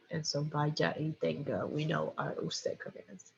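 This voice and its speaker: A woman's voice: sits low, little pitch movement, normal speed, vocal fry, darkish tone, a little hiss or hum. A woman teaching a Spanish lesson, explaining step by step with frequent "okay" and "um". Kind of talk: recorded lecture with slides. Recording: dull lo-fi recording.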